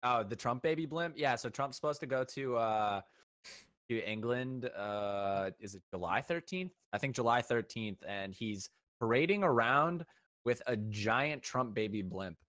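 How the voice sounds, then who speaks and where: A man's voice: medium pitch, a little slow, fairly bright tone, dry recording, clean studio sound. A young man co-hosting a live-streamed chat show, joking around and hesitating with "uh" and "like". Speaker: co-host.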